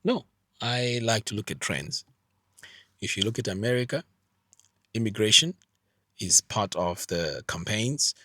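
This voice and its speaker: A man's voice: lowish voice, expressive, measured pace, pauses often, pushed and bright, no echo. A middle-aged man from Zimbabwe giving an earnest, emphatic vlog monologue, often repeating his points. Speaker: vlogger. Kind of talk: earnest direct-to-camera monologue.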